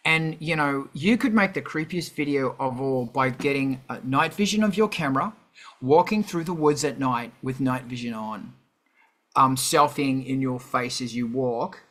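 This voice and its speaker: A man hosting a casual livestream chat, rambling and animated with many fillers and restarts. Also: mid-range voice, moderate pace. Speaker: host.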